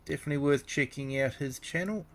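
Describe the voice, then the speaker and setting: A middle-aged man with a New Zealand accent chats casually with viewers on a game stream, relaxed and talkative as he replies to them. His voice is on the high side and his pace quick.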